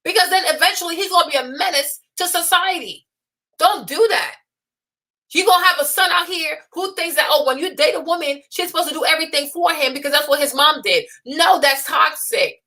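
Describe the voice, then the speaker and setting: A young adult woman hosting a talk stream, blunt and scolding, with animated rants and mocking voices when she quotes people. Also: sits high, fairly quick. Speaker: host. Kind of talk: unscripted opinion livestream.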